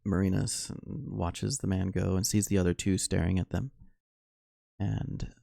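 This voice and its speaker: A man narrating a solo tabletop game as game master, unhurried and full of fillers. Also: deep voice, little pitch movement, vocal fry, warm tone, dry recording.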